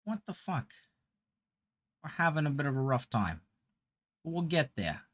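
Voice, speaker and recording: Man, game livestreamer, put-on celebrity impression accent, chatty, thanks viewers by name, mid-pitched voice. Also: big pitch swings, fairly quick, fairly bright tone. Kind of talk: casual livestream chat while gaming.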